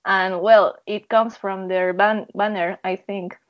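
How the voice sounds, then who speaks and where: Halting, thoughtful woman podcast co-host. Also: medium pitch, fairly even intonation. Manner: halting, repeats words, thoughtful. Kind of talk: casual chat. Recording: dull lo-fi sound.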